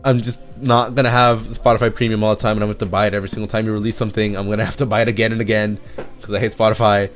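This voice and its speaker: A young man rambling in a casual live stream chat, excitable and swearing, often breaking into laughs and going off on tangents. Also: lowish voice, rapid-fire. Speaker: streamer reacting to a music EP. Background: faint music playing.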